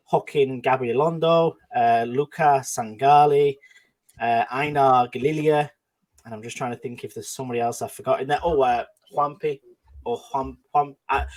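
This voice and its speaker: A man's voice: mid-range voice, darkish tone. A man hosting a casual football chat podcast, talking with many fillers and restarts and putting questions to his co-hosts. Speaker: podcast host.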